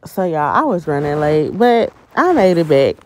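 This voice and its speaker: A tired-sounding woman in her 20s vlogs to camera, chatty and dramatic, often calling out to her viewers. Her low voice is sing-song and a little mellow at a normal speed. The low-quality phone video picks up car noise.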